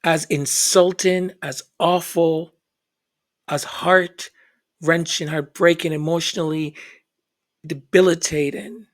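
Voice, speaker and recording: A man's voice: on the high side, fairly even intonation, slow pace. A man giving earnest, reflective commentary. He often repeats words as he searches for them and acts out the voices he quotes.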